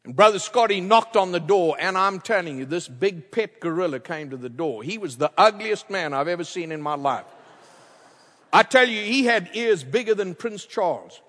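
A man preaching a storytelling sermon as a guest speaker, wearing a headset mic and swinging from loud to hushed. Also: sits high, animated, normal speed. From outside the United States. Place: large church. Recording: long reverb of a large church.

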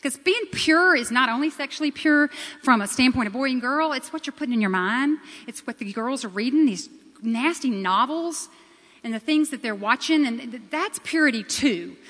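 A woman co-presents a church seminar for parents. Her voice sits a little high, and her tone is earnest and conversational. A long hall reverb trails each phrase. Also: animated, normal speed, fairly bright tone. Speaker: co-presenter, mother.

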